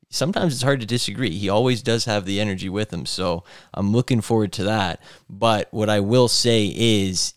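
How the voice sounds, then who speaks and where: A man's voice: on the low side, clean tone, no echo, clean studio sound. A man hosting a podcast, upbeat and steering the chat toward the next segment. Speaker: podcast host. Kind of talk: casual chat.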